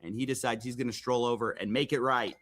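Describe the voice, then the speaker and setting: A man hosting a live stream, casually commenting on a video clip with loose, halting restarts. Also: medium pitch, fairly bright tone. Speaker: streamer host.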